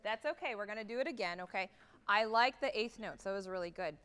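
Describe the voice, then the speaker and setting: Bright-voiced woman conductor in a reverberant hall. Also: medium pitch, fast, smooth. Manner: upbeat and direct, counts off and sings articulations. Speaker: guest conductor leading a band rehearsal. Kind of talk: rehearsal coaching of a wind band. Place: large theatre stage. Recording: long theatre hall reverb from a livestream.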